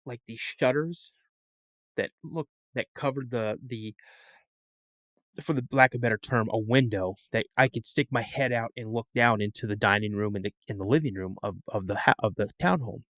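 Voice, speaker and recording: On a podcast, a male guest tells a story in a casual, animated way, acting out the voices of the people he quotes. His pitch is medium and his speed normal, with no room sound.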